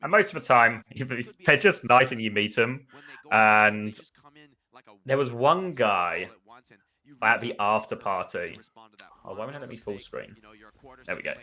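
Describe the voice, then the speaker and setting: This unhurried, medium-pitched British commentator from the UK calls a live esports match casually, often pausing. He meanders between plays, then gets thrilled at the major moments.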